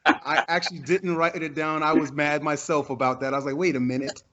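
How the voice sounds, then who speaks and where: A man's voice: fairly high pitch, steady tone, normal speed, dull audio, background noise. A man on a podcast panel, bantering in an easygoing way. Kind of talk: casual podcast discussion.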